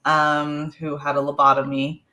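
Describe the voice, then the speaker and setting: A low-voiced woman speaks as an author guest on a video call. She talks thoughtfully, often pausing with fillers. Her voice sounds a little roomy. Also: monotone, bright, forceful tone. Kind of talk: casual interview talk.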